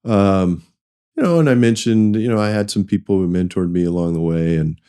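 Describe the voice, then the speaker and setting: A deep, dark, clean-toned voice belongs to a middle-aged finance executive who talks a little fast. Telling career stories in a conversational interview, he rambles, restarts, and acts out quoted lines.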